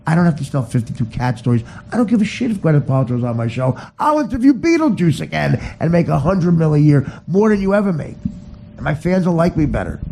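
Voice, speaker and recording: A man ranting in a profane comic style, laughing at his own jokes and dropping to a hushed near-whisper when confessing. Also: a little high, vocal fry, a little hiss or hum, poor audio. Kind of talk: profane comedic rant.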